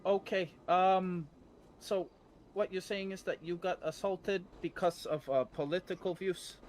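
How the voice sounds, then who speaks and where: A man playing a bumbling TV field reporter, asking questions with lots of halting fillers. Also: sits high, steady tone, slight background noise.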